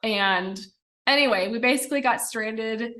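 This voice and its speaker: A young Midwestern woman appears as a podcast guest, chatting casually in a voice that sits slightly high with a sharp edge. She talks at a normal speed, filling her speech with fillers and little laughs in this relaxed interview conversation.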